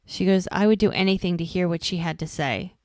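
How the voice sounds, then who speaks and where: A woman's voice: on the low side, a little fast, a little mellow, no echo, studio quality. A woman co-hosting a podcast, casually recapping a TV episode by quoting what each character says. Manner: retells scenes by quoting characters, lots of "she's like".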